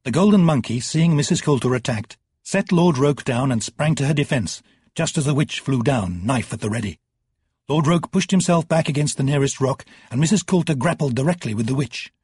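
Husky-voiced male audiobook narrator. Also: medium pitch, expressive, a little mellow, dry recording, studio quality. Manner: measured, dramatic storytelling. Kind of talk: scripted narration.

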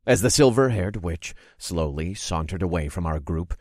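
A man narrating a fantasy audiobook in the first person, expressive and acting out his own reactions. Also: sits low, normal speed, dry recording, clean studio sound. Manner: expressive, groaning and cursing in character.

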